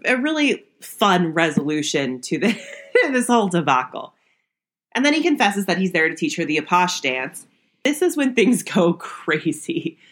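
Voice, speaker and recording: A woman's voice: low voice, fairly bright tone. A young woman hosting a podcast, recapping an old sitcom episode in a chatty way, laughing often. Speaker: podcast host.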